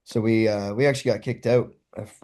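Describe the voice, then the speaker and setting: A young man from Ontario, Canada, a guest telling his story with excitement and laughing as he goes. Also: lowish voice, a little fast. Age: young adult. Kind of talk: casual storytelling.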